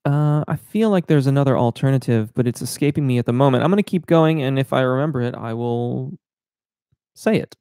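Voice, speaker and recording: Male voice coach for live Q&A: gravelly, dry close sound, explanatory, technical, lots of ums. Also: medium pitch, fairly quick, dark tone, no echo. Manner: explanatory, technical, many filler words. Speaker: voice teacher. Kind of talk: live-stream Q&A, reading chat questions aloud.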